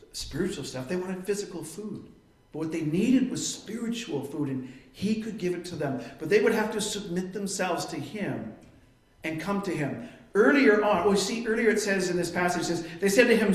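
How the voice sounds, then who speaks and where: A man's voice: high-pitched, roomy sound. A man preaching a sermon, explaining a Bible passage in an earnest, emphatic way. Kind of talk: expository Bible teaching.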